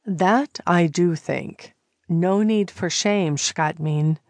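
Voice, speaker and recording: A calm male sea god, voiced by a woman narrating an audiobook speaks slowly and gently, in a low, unhurried voice. The sound is dry and close. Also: no echo. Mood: gentle. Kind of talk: audiobook character reading.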